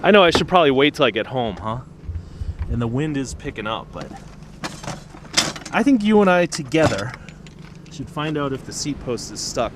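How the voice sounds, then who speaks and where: A man chatting to the camera while trash picking outdoors at night, excitable, through a small camera-mounted mic. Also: medium pitch, moderate pace, pauses often, noisy background. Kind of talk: casual vlog narration.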